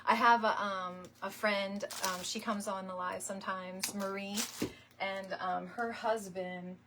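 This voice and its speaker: On her wreath-making live stream, the host keeps up a casual chat as she crafts, laughing frequently and greeting viewers by name. She speaks at a measured pace in a steady, mid-range voice, against a noisy background.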